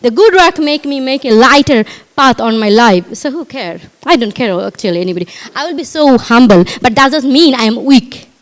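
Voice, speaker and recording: A middle-aged woman with a Bangladeshi accent and a high voice addresses a live audience as a parenting coach. She is animated and emphatic, and she piles up rhetorical questions and repeats her points. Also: normal speed, hardly any pauses. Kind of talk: speech at a live community event. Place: community event before a live audience.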